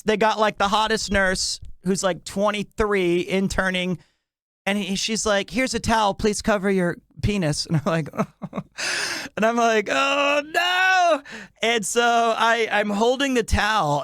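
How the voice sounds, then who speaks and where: A man's voice: sits high, a bit bright, smooth, dry recording, studio quality. A man telling a comedic anecdote, acting out his own reactions with laughter. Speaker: podcast guest storyteller.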